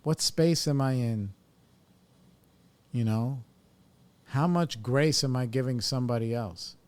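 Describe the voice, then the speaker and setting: Slow and mid-range with a darkish tone, the voice belongs to a podcast host in his forties who is in recovery. He speaks candidly in casual talk, reflective and blunt, with plenty of swearing as he sorts out his thoughts.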